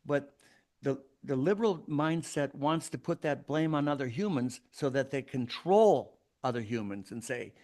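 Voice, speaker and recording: A man's voice: medium pitch, lively intonation, moderate pace, a little mellow. A man hosting a solo podcast, arguing his points in an emphatic, preachy way. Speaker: podcast host.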